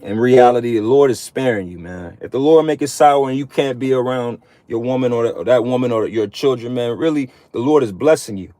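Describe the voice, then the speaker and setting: A man's voice: mid-range voice, fairly quick, hardly any pauses, warm tone, dry recording. A man giving a casual, preachy monologue to other men, cursing often and repeating himself in street slang. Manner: profane, repetitive, streetwise slang. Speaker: online preacher addressing men.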